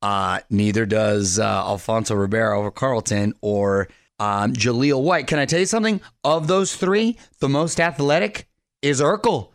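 Man, radio host, mid-pitched voice, dry studio sound, energetic, chatty. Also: normal speed, no echo. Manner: energetic, chatty, laughs often. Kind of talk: upbeat radio hosting. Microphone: studio microphone.

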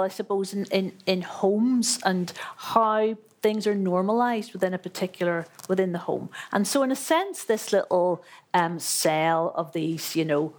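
Chatty woman author. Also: mid-range voice. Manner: chatty and reflective, repeats words and fillers. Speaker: author being interviewed. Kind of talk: literary conversation before an audience.

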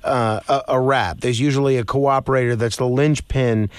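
A man hosting an interview, asking measured, halting questions. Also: medium pitch, fairly even intonation, smooth, no echo. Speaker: radio host.

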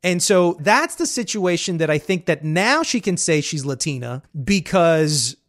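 A man's voice: a little high, lively intonation, a little slow, a bit bright. A man hosting a podcast discussion, explaining and recounting in a casual way. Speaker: podcast host and interviewer.

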